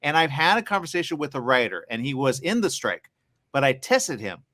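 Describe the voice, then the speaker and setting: A man hosting a live interview, rambling and excitable, acting out the conversations he has had. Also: mid-range voice, brisk, no echo. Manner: rambling, excitable, acts out quoted exchanges.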